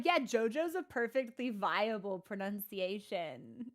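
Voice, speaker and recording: A woman's voice: fairly high pitch, animated, normal speed, a bit bright. A woman streaming a game, chatting casually in a rambling, sarcastic and self-mocking way with many fillers. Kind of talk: casual chat while gaming.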